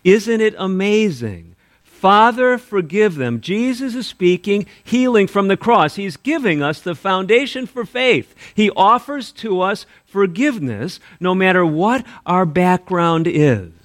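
A man preaching a sermon, quoting scripture aloud and swinging between emphatic rises and quiet drops. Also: high voice, sing-song, a little slow, few pauses. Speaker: pastor.

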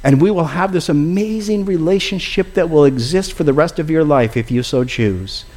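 A man's voice: a little high, moderate pace, darkish tone. Earnest man preaching a sermon. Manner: earnest, pleading, keeps addressing listeners as friends. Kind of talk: sermon with closing prayer.

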